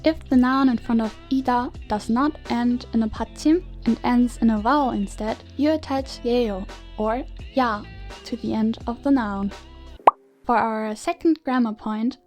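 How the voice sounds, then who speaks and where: A woman narrates a grammar lesson, explaining each point in a clear, measured way. Her voice sits a little high and sounds mellow. Soft music plays under her words. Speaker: Korean language teacher.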